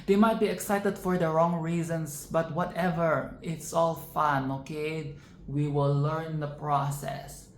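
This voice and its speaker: A woman's voice: deep voice, steady tone, a little slow. A woman giving casual film commentary, sassy and outspoken, swearing freely as she rants and exclaims. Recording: echoey room with faint noise.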